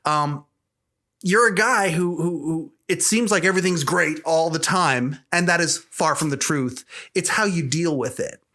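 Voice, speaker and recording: Podcast host guy, voice a bit high, rambles through his questions, keeps saying yep and right. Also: a little slow, pushed and bright. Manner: rambling, restarts, affirming interjections. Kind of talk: casual podcast interview. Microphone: studio mic.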